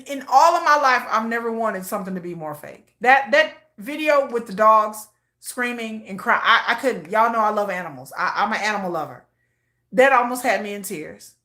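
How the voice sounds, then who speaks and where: A woman's voice: on the high side, bright, forceful tone, reverberant. A woman giving casual, emotional commentary, often repeating herself. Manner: emotional, repetitive, restarts often. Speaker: commentary vlogger.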